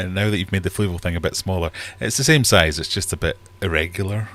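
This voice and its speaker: A Scottish man with a low, deep voice hosts a casual live stream from his home fish room. He is middle-aged and chats in a loose, rambling way, often poking fun at himself. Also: fairly quick, fairly bright tone. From Scotland. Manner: rambling, chatty and self-deprecating. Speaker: livestream host.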